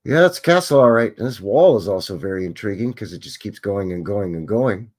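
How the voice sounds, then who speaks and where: A man's voice: lowish voice, lively intonation, brisk, a little mellow. A man hosting a live stream, musing and chatting as he thinks aloud over old photographs.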